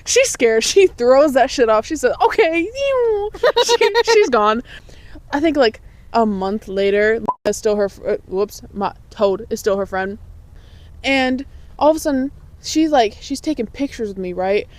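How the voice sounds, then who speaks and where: Young woman podcast co-host, higher voice, blunt and profane, casual storytelling. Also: moderate pace, a little mellow, no echo. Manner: blunt, profane, laughs through her stories.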